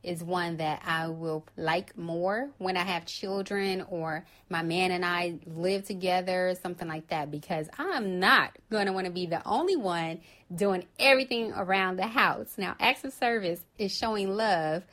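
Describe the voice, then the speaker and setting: Calm chatty woman podcast host. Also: fairly low pitch, measured pace. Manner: calm, chatty, acts out quoted lines. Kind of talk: casual solo talk.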